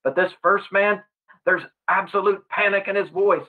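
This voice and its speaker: Earnest high-voiced preacher, tinny sound. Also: male voice, steady tone, moderate pace. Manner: earnest, questioning the listener directly. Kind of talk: gospel sermon. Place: gospel hall.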